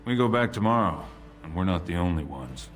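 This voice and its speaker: A weary dwarf soldier with a very low, gruff voice, speaks in short, blunt, matter-of-fact phrases. Loud game music plays behind him. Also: male voice, lively intonation, brisk. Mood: plain, gruff.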